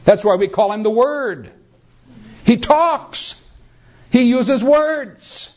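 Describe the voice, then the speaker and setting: A man preaching with a high, lively voice that climbs and falls with emphasis. He takes his time, letting lines land slowly and calling his listeners beloved. The recording is dull and lo-fi. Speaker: pastor. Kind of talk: sermon.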